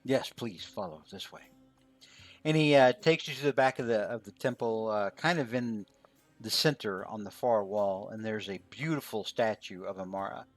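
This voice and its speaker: A man running a tabletop game as game master, narrating in a relaxed way full of fillers. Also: lowish voice, normal speed, dry recording, soft background music.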